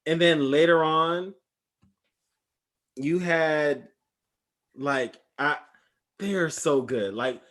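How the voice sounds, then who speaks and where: A man co-hosting a podcast, telling an excited story in casual chat. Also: on the high side, very slow, long pauses. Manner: animated storytelling, shouts and laughs when excited. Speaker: podcast co-host.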